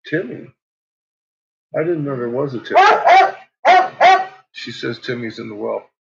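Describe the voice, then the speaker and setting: A man's voice: medium pitch, animated, unhurried, gravelly, husky. A man chatting casually as a vlog host, laughing often as he talks about his dogs. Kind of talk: casual chat. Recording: dull lo-fi recording.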